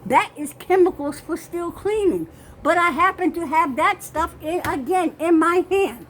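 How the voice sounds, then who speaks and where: An older woman with a high voice talks slowly into a phone held in her hand, out of breath and insistent as she walks through her small kitchen. A faint room hum sits behind her. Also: animated, fairly bright tone, poor audio. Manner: insistent, keeps saying okay. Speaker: vlogger. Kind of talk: home video walkthrough. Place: small home kitchen, indoors.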